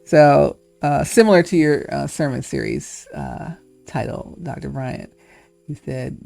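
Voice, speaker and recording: A woman's voice: sits low, lively intonation, measured pace, gravelly, mellow, faint music behind. A woman hosting her own video, chatting casually and thinking aloud, laughing often. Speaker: host. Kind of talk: casual chat.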